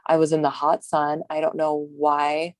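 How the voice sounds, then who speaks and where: A woman's voice: low voice, completely flat delivery, normal speed, no echo. A woman from Hawaii, a bodybuilding competitor, chatting as an interview guest, rambling and laughing, tired. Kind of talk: casual interview talk.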